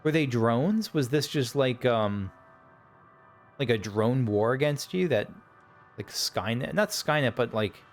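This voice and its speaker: A man's voice: mid-range voice, lively intonation, measured pace, faint music behind. A tired man giving casual, rambling commentary on a video game, often hesitating and correcting himself. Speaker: let's play host.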